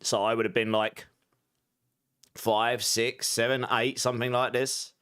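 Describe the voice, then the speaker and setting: A man's voice: mid-range voice, flat delivery, a bit bright, clear, resonant tone. A man in his thirties with an Essex accent, chatting casually with viewers while streaming a game and reading out their messages. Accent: Essex English. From southeast England. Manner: chatty, reads out viewer messages, quick asides. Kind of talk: casual live-stream chat.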